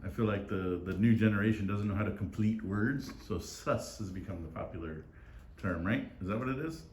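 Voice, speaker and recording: A man's voice: lowish voice, a little fast, darkish tone. A man vlogging outdoors, bantering playfully with friends and laughing often. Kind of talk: casual banter. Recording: echoey with faint noise.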